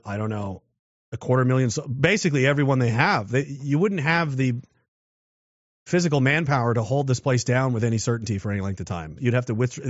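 Sex: man. Style: casual rambling monologue with rhetorical questions. Pitch: mid. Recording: dull, lo-fi, dry. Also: no room sound. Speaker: political commentator.

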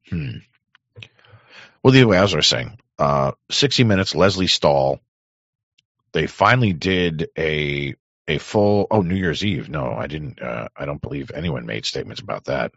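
Very deep gravelly hoarse man. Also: a bit bright, no echo, lo-fi sound. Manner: crude, rambling, sarcastic. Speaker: podcast host. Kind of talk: casual commentary.

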